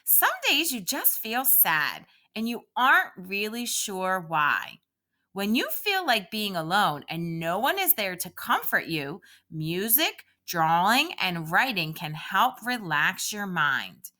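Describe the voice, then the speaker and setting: A woman teacher reads aloud to young children at an unhurried pace, leading a calming exercise in a sing-song way. Her voice is bright and clear, and it rises and falls a great deal. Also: mid-range voice.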